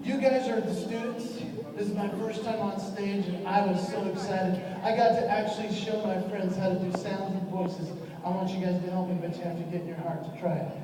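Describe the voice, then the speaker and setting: Animated man performing stand-up in an echoing hall. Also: sits high, brisk. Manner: animated, drives audience participation. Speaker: comedian and entertainer. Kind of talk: live stand-up storytelling. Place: large auditorium. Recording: echoey hall from far off, loud crowd.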